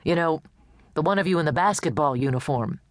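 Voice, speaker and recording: Woman narrator playing a pushy, short small-town police chief, gruff and curt. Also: a little high, a little fast, no room sound, studio quality, close to an everyday voice. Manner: blunt, brusque, bossy.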